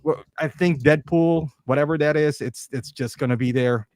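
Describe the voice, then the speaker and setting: A man chatting casually as a podcast guest, animated and laughing as he talks. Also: on the high side, moderate pace, no room sound, studio quality. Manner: animated, laughs often, mimics others. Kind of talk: casual chat.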